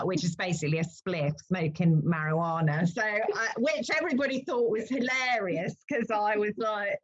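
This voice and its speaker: A woman funeral celebrant being interviewed, telling stories in a lively, animated way and laughing at herself. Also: medium pitch, moderate pace, few pauses, highs cut off. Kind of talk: conversational interview.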